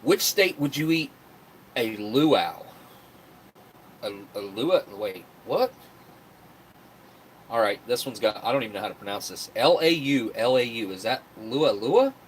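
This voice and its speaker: A man's voice: medium pitch, lively intonation, measured pace, pauses often, slight background noise. Chatty man streaming live. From West Virginia. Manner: rambling, chatty, reads viewer comments aloud. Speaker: livestream host. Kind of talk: casual live-stream chat.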